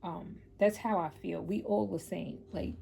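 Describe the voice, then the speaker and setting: A woman's voice: lowish voice, steady tone, unhurried, vocal fry, dark tone. A woman, chatting candidly to her viewers and telling stories from her day. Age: 50s. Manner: candid, storytelling, talks straight to viewers. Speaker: vlogger and mother. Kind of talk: casual chat to camera.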